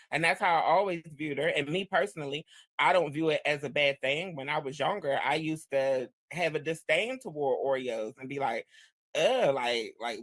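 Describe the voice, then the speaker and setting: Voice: medium pitch, a bit bright, no echo. A panelist in casual chat, blunt and profane.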